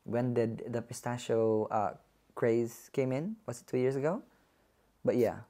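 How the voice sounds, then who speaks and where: A man reviewing perfumes in a casual haul vlog, gushing and effusive, often dropping to a soft hush. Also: medium pitch, unhurried.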